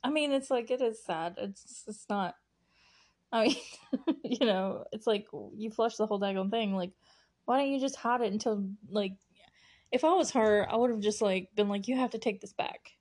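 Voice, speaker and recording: Recapping a TV episode on her solo podcast, a young woman rambles and giggles, full of fillers and restarts. Her voice is medium in pitch with a darkish tone, and she talks at a normal speed.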